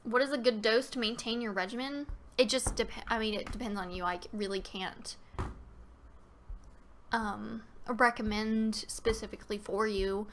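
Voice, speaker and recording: A woman's voice: fairly high pitch, fairly even intonation, normal speed, slight background noise. A woman hosting a casual live-stream Q&A, talking loosely with many fillers and restarts and reading viewer questions aloud.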